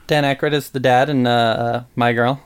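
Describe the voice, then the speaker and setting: A podcast co-host in casual chat, with a dry, offbeat wit. The voice sits in an ordinary middle pitch, and the remarks land flat and unhurried. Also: smooth.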